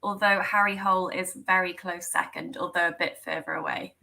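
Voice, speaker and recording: Woman host, bright clear voice, friendly, lots of ums, video call. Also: on the low side, fairly even intonation, a little fast, rough recording. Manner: friendly, frequent ums, giggly. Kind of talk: hosting a live online Q&A.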